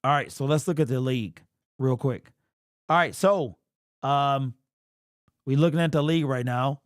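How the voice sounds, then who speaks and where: Clean studio sound with no room noise carries a young man's medium-pitched voice at normal speed. He's running a casual livestream, slangy and rambling, restarting often, and he comes across emotional and sniffly.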